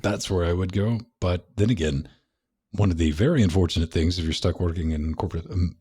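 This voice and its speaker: Male co-host with a deep, raspy voice; casual and jokey. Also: a little fast, dark tone. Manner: joking, self-deprecating, puts on mock voices. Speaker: podcast co-host. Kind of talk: casual tech chat. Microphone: studio mic.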